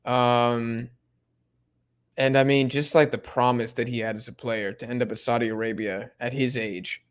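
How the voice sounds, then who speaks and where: A man's voice: mid-range voice, flat delivery, moderate pace, clear, resonant tone. Chill young guy doing a soccer watch along stream, answering chat, lots of likes and ums. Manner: laid-back slang-heavy chatter, many fillers. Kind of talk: casual live stream commentary reading chat.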